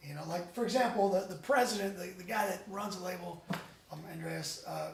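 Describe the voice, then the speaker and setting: A man, a band member guest, chatting casually in an interview as an animated, rambling storyteller with many restarts. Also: high voice, fairly quick, a little hiss or hum. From United States. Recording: roomy echo, distant mic.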